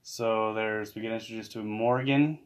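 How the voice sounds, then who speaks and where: A man co-hosting a casual chat that recaps a TV episode. He talks playfully and now and then acts out scenes in a high mock voice. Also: steady tone, moderate pace. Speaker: podcast co-host.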